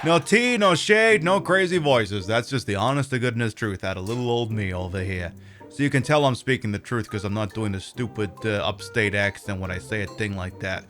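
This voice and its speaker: A man hosting a game stream as a drag queen, chatting away in a middle-pitched voice. He swears freely, often trails into fillers, and sounds loose and relaxed, with faint music behind him. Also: normal speed. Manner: chatty and profane, many fillers. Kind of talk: casual livestream chat.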